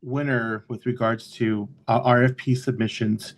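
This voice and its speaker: A man's voice: mid-range voice, steady tone, unhurried. A man speaking as a councilmember, joining remotely by video call and talking hesitantly with fillers. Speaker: city councilmember. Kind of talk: council meeting remarks.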